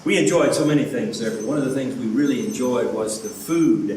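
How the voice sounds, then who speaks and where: A man's voice: medium pitch, brisk, darkish tone. Preaching man in an echoey hall. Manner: earnest preaching with rhetorical questions. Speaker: pastor. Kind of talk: sermon. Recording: echoey room, from a distance, faint background noise.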